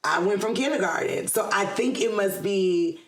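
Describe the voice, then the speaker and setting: Speaking at medium pitch and a moderate pace, this middle-aged Atlanta-area woman chats as an interview guest in a roomy-sounding recording. Her casual talk is full of ums and frequent laughter.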